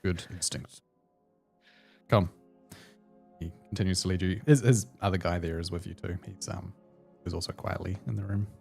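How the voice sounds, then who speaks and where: A man narrating a tabletop game as game master in a relaxed, rambling way, with plenty of fillers. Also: deep voice, quick pace, vocal fry, slightly rough, soft background music.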